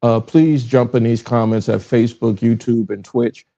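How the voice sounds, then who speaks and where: A middle-aged man with a Southern accent hosts his own livestream, his voice gravelly and mellow. He talks in a loose, rambling way, often breaking off mid-sentence. The audio is a little dull and lo-fi, like a phone feed. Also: mid-range voice, steady tone, moderate pace. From Richmond, Virginia. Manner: rambling, self-interrupting, fumbles with his stream setup. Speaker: podcast host. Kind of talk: casual solo livestream talk. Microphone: livestream with phone recording.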